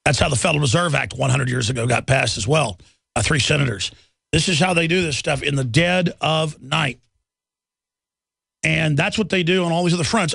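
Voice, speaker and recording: A man's voice: a little high, moderate pace, creaky, a bit bright, breathy edge, dry recording, studio quality. A man hosting a political talk radio show, delivering an emphatic, indignant and sarcastic monologue.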